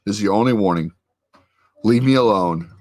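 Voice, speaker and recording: A man's voice: lowish voice, moderate pace, darkish tone, natural voice. A man retelling a stern sorceress's warning.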